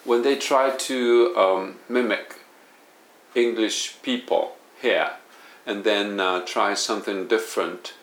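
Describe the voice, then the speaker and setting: A man's voice: on the low side, slow pace, a bit bright. A man who speaks Japanese natively, with a Kansai Japanese accent, teaches English at a university and talks in a casual solo monologue, hesitant and full of fillers and self-corrections. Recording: roomy echo.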